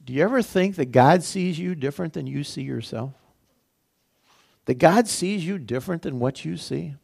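A man's voice: fairly high pitch, animated, moderate pace, creaky, a little mellow, breathy edge. A male pastor giving a sermon in a conversational way, repeating phrases and asking the congregation rhetorical questions. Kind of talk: sermon teaching.

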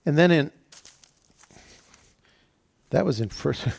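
A man's voice: a little high, expressive, takes it slowly, vocal fry, darkish tone, husky. A man preaching as pastor, reading scripture aloud and then explaining it plainly, often repeating phrases and saying "you know". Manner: laughs at his own slips. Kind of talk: sermon.

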